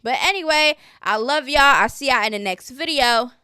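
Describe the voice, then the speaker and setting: A woman recaps a reality show in a casual, outspoken way, calling out the cast as if talking to them. Her voice sits high and sounds bright and crisp. The recording is dry and close, with no room sound. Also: moderate pace, no room sound. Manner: sassy, blunt, scolds the cast directly. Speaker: reality TV commentary host.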